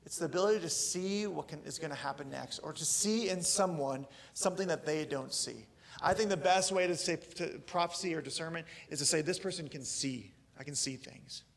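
Casual male pastor, thirties, gravelly, loose and joking sermon delivery. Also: on the high side, fairly quick.

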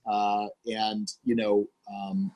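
A man in his forties, a pastor and podcast guest, telling personal stories in an earnest, animated, candid way. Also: fairly low pitch, slow pace. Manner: earnest, animated, acts out quoted dialogue. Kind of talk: candid conversational storytelling.

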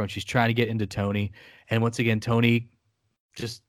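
A man's voice: mid-range voice, flat delivery, a little fast, no room sound, clean studio sound. A man co-hosting a podcast, chatting casually and steering the talk in a laid-back, wry way. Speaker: podcast co-host. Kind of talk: casual chat.

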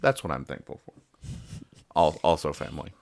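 A man's voice: very deep voice, big pitch swings, fairly quick, gravelly, darkish tone, no echo, clean studio sound. A man hosting a casual podcast where he reads the comics, rambling and joking with many restarts. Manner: rambling, jokey, stumbles and restarts. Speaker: podcast host. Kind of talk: casual comic-reading chat.

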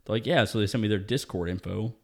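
A man's voice: fairly low pitch, quick pace, gravelly, darkish tone. A man casually telling a story in conversation, laid-back and profane, often breaking into laughter.

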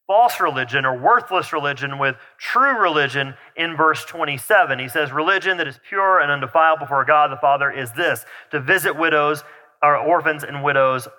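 Male pastor, slightly high voice, chatty sermon style, reverberant sanctuary. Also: normal speed, pushed and bright. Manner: conversational preaching with restarts and asides. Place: church sanctuary. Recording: long reverb of a large hall.

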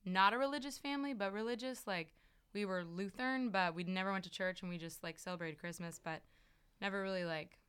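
A woman's voice: mid-range voice, a little fast, fairly bright tone, clean tone. A woman in casual chat, telling personal stories with lots of fillers and acted-out quotes. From farm upbringing, rural. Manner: storytelling, many fillers, acts out quotes.

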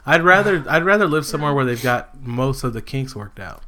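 A man in a casual group podcast chat, dropping deadpan one-liners. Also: medium pitch, brisk, a crowd in the background.

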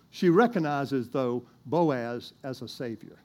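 A man preaching a folksy sermon, chuckling as he retells a bible story. His voice sits fairly high but mellow and soft-edged. He breaks off with asides and jokes for the congregation. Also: animated, moderate pace. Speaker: pastor.

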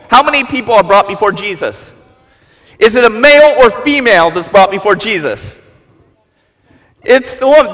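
High-voiced animated male preacher. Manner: animated storytelling, acting out voices. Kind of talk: sermon. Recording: long reverb in a large hall.

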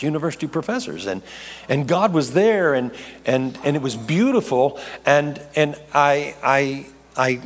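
A man with a somewhat raised pitch preaches in a storytelling style. He stumbles over restarts and tosses in jokey asides. His voice rings out with a long echo in a large hall. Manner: animated, rambling with repeated restarts, jokey asides. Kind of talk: storytelling sermon.

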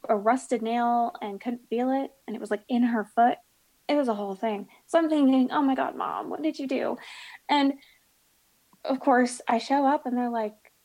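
Woman in her thirties, candid interview guest, slightly high voice, dry dark humor. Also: low-quality recording. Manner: blunt, darkly humorous, acts out quoted voices. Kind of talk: candid personal storytelling.

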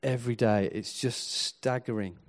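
A man's voice: mid-range voice, steady tone, moderate pace. Earnest male preacher. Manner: earnest, builds from quiet to emphatic. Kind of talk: sermon.

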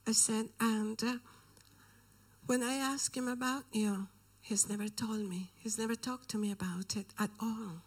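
A woman's voice: fairly high pitch, steady tone, unhurried, husky. A woman preaching and telling a personal story, often dropping into a whisper for emphasis. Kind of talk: sermon storytelling.

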